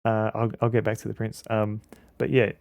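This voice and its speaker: A man with an Australian accent streaming a game, chatting casually in a halting, rambling way with many fillers. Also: fairly low pitch, monotone, gravelly, a little mellow, no room sound, clean studio sound. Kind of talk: casual commentary while playing a game.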